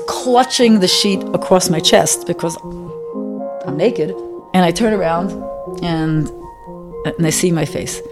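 A middle-aged woman telling a personal story in a halting, emotional way, often repeating herself. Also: lowish voice, darkish tone. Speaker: interviewee. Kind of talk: personal testimony.

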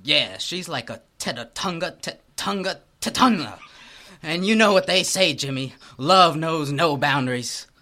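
A man doing a high breathy sleazy sidekick. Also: animated, unhurried, sharp tone. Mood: sleazy teasing. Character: sleazy pushy male buddy with a silly put-on accent. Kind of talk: comedic script read-through.

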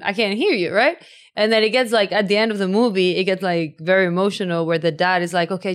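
A woman's voice: mid-range voice, fairly bright tone. A young woman telling stories in a casual podcast chat, filling her speech with "like". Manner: storytelling, peppered with "like".

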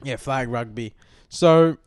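A man's voice: mid-range voice, slow pace, smooth, no echo, clean studio sound. A young Australian man co-hosting a podcast, telling a rambling, sweary story in casual chat. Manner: rambling, swears often, acts out quotes. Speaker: podcast co-host. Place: lounge room.

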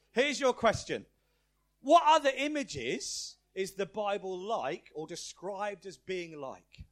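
A man preaching a lively, playful family-service sermon in church, asking the congregation questions and calling out their answers. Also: sits high.

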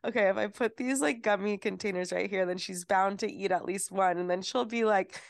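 A woman's voice: medium pitch, a little fast, gravelly. Young woman cohost, casual podcast chat, laughs a lot, drops blunt jokes, regular middle voice. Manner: laughs often, blunt wisecracks. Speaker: podcast co-host.

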